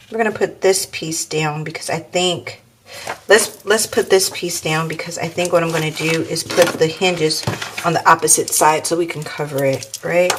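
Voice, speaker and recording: The host of a crafting channel leads a tutorial in a lowish voice with some background noise. She chats casually and thinks aloud as she works, calling her viewers y'all.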